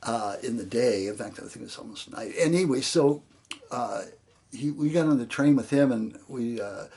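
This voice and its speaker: A man's voice: medium pitch, normal speed, a little mellow. An older man from Canada telling a rambling memoir story in casual speech, acting out the people in it and filling his talk with "you know.". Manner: rambling, full of "you know" and voiced quotes.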